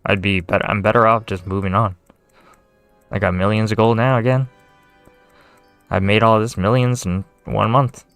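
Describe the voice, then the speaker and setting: A lowish male voice in a loose, profanity-laced rant, with sarcastic asides and exasperated sighs. Faint music plays quietly behind him. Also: steady tone, normal speed, pauses often, clean tone, no room sound. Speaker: gaming video creator. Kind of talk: casual rant to camera.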